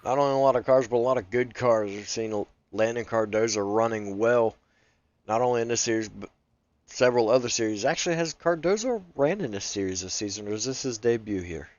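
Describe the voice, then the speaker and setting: Brief: easygoing male race co-commentator, mid pitch, slightly muffled lo-fi mic. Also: fairly quick, no echo. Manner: easygoing, excitable on race action. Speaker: sim racing co-commentator.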